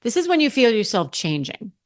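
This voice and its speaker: A middle-aged podcast host, alone at the mic, talks a little fast in a fairly high voice with big pitch swings. She's casual and frank, rambling and often backing up to restart or correct a point.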